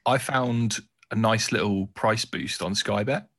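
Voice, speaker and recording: A man's voice: fairly low pitch, unhurried, a bit bright. A man co-hosting a podcast, casually talking through his football bets with short, easy replies. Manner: easygoing, chuckles often, brief replies. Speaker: podcast co-host. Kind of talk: casual betting tips chat.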